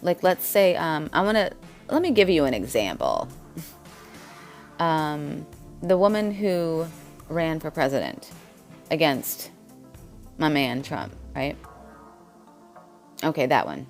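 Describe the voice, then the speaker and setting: A woman's voice: sits low, sing-song, takes it slowly, long pauses, faint music behind. A woman vlogger talking in a blunt, rambling monologue, jumping from topic to topic. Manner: blunt, jumps between topics.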